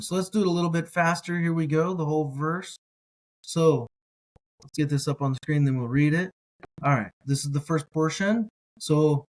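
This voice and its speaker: A man teaching a slow reading lesson in Hebrew, repeating each word several times and correcting himself as he goes. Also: a little high, steady tone. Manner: careful, self-correcting.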